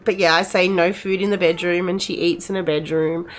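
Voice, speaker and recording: This gamer, a middle-aged woman, speaks a little fast in a lowish, steady voice. She rambles casually as she plays, chatting away and speaking to the game's characters as if they were pals.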